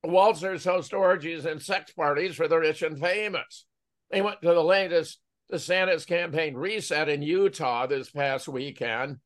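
Male host, measured newsreading delivery, light-pitched. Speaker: show host. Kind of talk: reading news stories.

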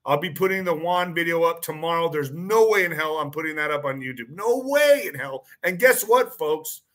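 Male host, bright and slightly high voice, rambling monologue with repeated words and pointed questions. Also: a little fast. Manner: repeats phrases, frequent restarts and fillers; poses claims as pointed questions. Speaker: online show host. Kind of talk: casual monologue commentary.

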